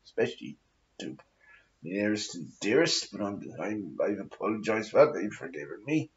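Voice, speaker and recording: Male vlogger, affected posh drawl, lively swooping pitch, sweary and meandering; muffled lo-fi recording. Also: normal speed. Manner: affected posh aristocratic put-on voice. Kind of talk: rambling casual monologue.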